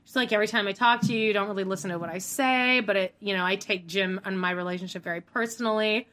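A woman co-hosting a casual TV recap podcast, animated and acting out quotes with frequent swearing. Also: mid-range voice, fast talker. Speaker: podcast co-host.

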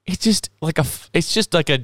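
A man's voice: on the high side, fairly quick, no echo, clean studio sound. A man hosting a podcast in casual chat, rambling, laughing often and swearing freely. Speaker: podcast host.

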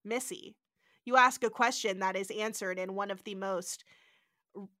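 A woman hosting a podcast in casual chat, animated as she recaps a TV episode and acts out lines. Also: medium pitch, normal speed, no room sound, studio quality. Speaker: podcast host.

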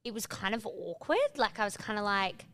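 A young woman, chatting casually as a co-host and recounting her week in a relaxed way. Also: medium pitch, fairly quick. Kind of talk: casual chat.

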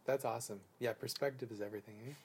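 Chatty male podcast host, mid-pitched. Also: steady tone, a little mellow, breathy edge. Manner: chatty, quick to agree and joke. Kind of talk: casual podcast chat.

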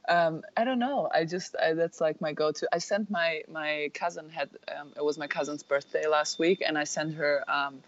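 A woman's voice: low voice, normal speed, hardly any pauses, no room sound, lo-fi sound. A woman in her thirties whose first language is German, chatting playfully as an interview guest and laughing at herself, from a hotel lobby. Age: 30s. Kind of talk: casual chat.

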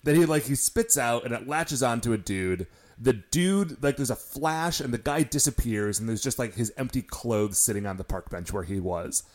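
A man's voice: mid-range voice, lively intonation, moderate pace, hardly any pauses. A man co-hosting a podcast, recapping an episode in casual chat with wry, joking asides. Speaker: podcast co-host.

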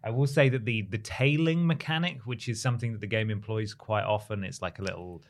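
A man's voice: lowish voice, brisk. A man co-hosting a casual gaming podcast, speaking in a dry, teasing way. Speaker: podcast co-host. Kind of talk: casual chat.

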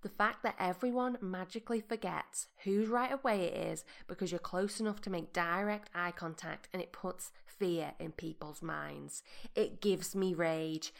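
A young woman hosting a podcast, chatting playfully and sometimes dropping into a soft mock-meditation voice. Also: on the low side, fairly even intonation, moderate pace, creaky. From Britain. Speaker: podcast host. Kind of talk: casual chat.

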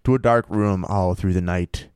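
A man co-hosting a casual podcast, reading out odd stories in a wry, animated way. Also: low voice, normal speed, smooth, no room sound, studio quality. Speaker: podcast co-host.

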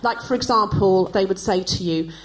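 An Australian woman in her forties with a medium-pitched voice speaks at a moderate pace, hosting a podcast on a live stage before an audience. She delivers a stand-up comedy monologue with wry, self-mocking timing, though the recording is rough with slight background noise.

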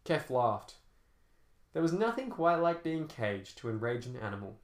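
A man's voice: mid-range voice, sing-song, moderate pace. A man narrating an action novel as an audiobook, telling fight scenes dramatically with shifting pace. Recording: roomy echo.

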